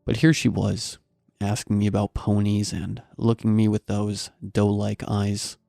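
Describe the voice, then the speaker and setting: Male horror-story narrator: wry scripted delivery, low pitch, dry close sound. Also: little pitch movement, unhurried, creaky, mellow, no room sound.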